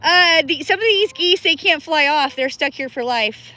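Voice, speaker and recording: A woman's voice: sits high, expressive, moderate pace, pushed and bright. A woman livestreaming from a cold river outdoors, chatting casually with viewers by name and laughing often, shivering with cold. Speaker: livestream host.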